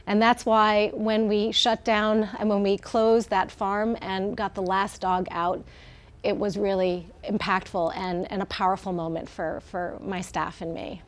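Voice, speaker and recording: A woman's voice: medium pitch, little pitch movement, measured pace. A middle-aged woman, the head of an animal welfare group, speaking as a guest in a live TV interview in a heartfelt way, with many fillers and restarts.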